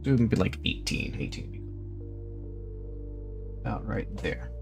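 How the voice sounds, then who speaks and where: A man's voice: on the low side, big pitch swings, slow pace, gravelly, over music. Rambling male streamer, laughing and swearing. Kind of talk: casual live-stream chat while drawing.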